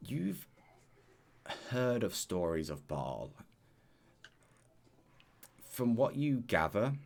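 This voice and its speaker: With a low-pitched voice, a man narrates a tabletop game as its dungeon master, laying out scenes at a measured pace and using plenty of fillers.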